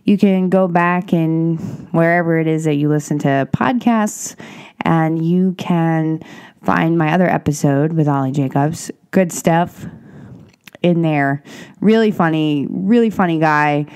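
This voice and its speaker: A woman hosting a solo podcast, rambling and self-reflective, breathy and congested with a scratchy throat from a cold. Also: deep voice, darkish tone. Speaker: podcast host.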